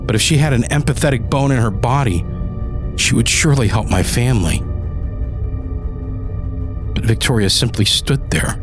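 A man narrating a first-person audio drama, turning desperate and pleading in his own lines. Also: medium pitch. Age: adult. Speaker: narrator and lead character.

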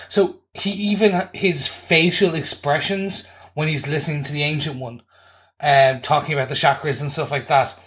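A man's voice: fairly high pitch, a bit bright. A man co-hosting a podcast, giving his casual take on a movie in an emphatic, rambling way. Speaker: podcast co-host. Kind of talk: casual movie review chat.

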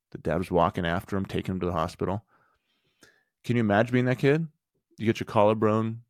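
A man's voice: low voice, gravelly, darkish tone, no echo, studio quality. A man in his thirties hosting a podcast, telling a personal story in an earnest, conversational way and driving home lessons with rhetorical questions. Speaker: podcast host and men's group coach. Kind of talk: motivational storytelling monologue.

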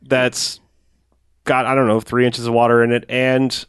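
A man's voice: medium pitch, completely flat delivery, measured pace, clean tone, no room sound. Guy retelling movie scenes on a podcast, loose and rambly, dry mic. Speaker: podcast co-host. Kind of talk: casual movie commentary.

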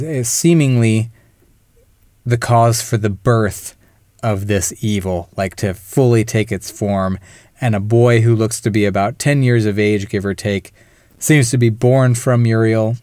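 Guy on a movie podcast retelling the plot, smooth clear voice, dry close mic. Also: on the low side, darkish tone, no room sound. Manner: recaps the plot in detail, acts out characters' lines. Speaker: podcast co-host. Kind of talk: casual film discussion podcast.

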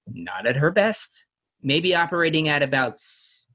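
A man co-hosts a casual podcast recapping a TV episode, rambling through his thoughts, laughing often, and acting out quotes. His voice is a little high and sing-song, unhurried with a sharp tone.

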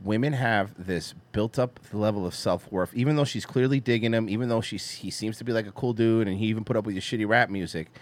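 A man's voice: fairly low pitch, quick pace, few pauses. A man co-hosting a podcast, bantering crudely and mocking a video clip he is reacting to. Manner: mocking, repetitive, talks over clips. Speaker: podcast co-host.

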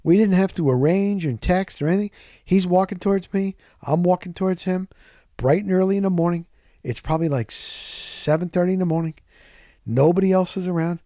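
A middle-aged man hosting a podcast, telling a rambling story in a casual, animated way and often correcting himself. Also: high-pitched, a little fast, dry recording, clean studio sound. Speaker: podcast host.

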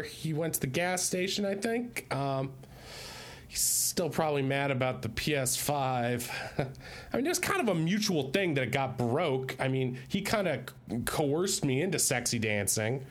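A man's voice: mid-range voice, very animated, measured pace. A man in an improvised comedy sketch, rambling in a dopey, oblivious way.

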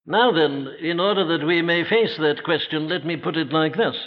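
A man preaching an evening sermon in a church, earnest and rhetorical, putting questions straight to his listeners and slowing down to stress key phrases. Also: a little high. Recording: dull lo-fi old sermon recording.

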